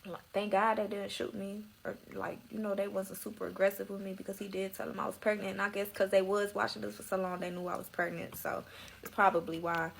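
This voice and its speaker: A young woman tells a personal story in loose, slangy speech, dramatic and tearful. Her voice has a gravelly edge. A faint hiss sits under the recording. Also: mid-range voice, flat delivery, brisk, poor audio. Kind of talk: emotional storytime.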